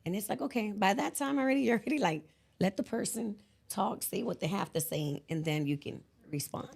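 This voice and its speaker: A woman hosting a podcast in casual conversation, expressive and quick to laugh, acting out her inner voice. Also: mid-range voice, creaky, husky. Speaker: podcast host.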